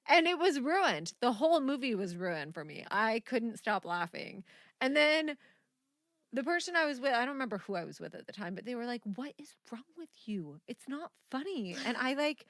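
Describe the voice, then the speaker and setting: A young woman co-hosting a casual podcast chat, animated and quick to laugh, swearing freely as she tells stories. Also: a little high, no room sound, clean studio sound. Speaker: podcast co-host.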